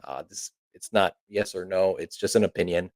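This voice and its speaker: A man's voice: low-pitched, moderate pace, darkish tone, no room sound. Laid-back male teacher. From Kyushu, Japan. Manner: laid-back, chatty, joking asides. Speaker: Japanese teacher. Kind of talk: casual online language lesson.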